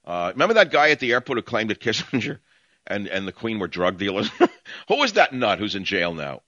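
A man's voice: on the low side, very animated, fairly quick, sharp tone, no echo, dull audio. A man with a New York accent hosting call-in talk radio, ranting in a brash, sardonic, rambling way.

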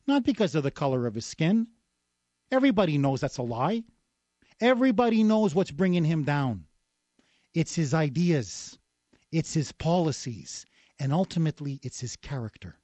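A man's voice: fairly high pitch, dark tone, no room sound. A man hosting a talk radio show, delivering a combative, sarcastic rant between callers. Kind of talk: opinionated talk radio monologue.

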